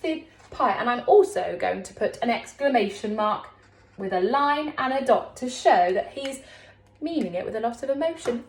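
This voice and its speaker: Slow, sing-song woman teacher. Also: expressive. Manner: slow, sing-song, encouraging teacher talk with big pitch swings. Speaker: primary school teacher. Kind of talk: recorded classroom lesson for young children. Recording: echoey room.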